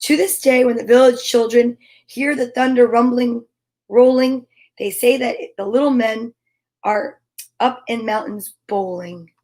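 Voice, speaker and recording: A woman reading a children's storybook aloud in a gentle, expressive way, adding chatty asides between pages. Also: fairly high pitch, a little slow.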